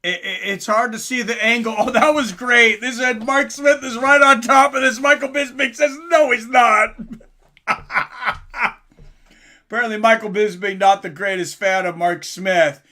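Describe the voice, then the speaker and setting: Guy calling a fight live on stream, high bright voice, gets hyped. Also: moderate pace. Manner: excitable, rises to yelling at big moments.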